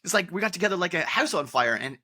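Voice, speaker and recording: A man's voice: sits high, animated, quick pace, sharp tone. A man hosting a podcast interview, reflective and articulate, explaining ideas at length. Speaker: podcast host and coach. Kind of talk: conversational interview.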